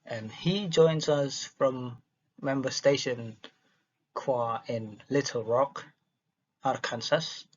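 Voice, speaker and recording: A man's voice: mid-range voice, takes it slowly, husky. A man reading a dialogue transcript aloud for a listening exercise, stumbling and restarting words as he goes. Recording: dull lo-fi recording.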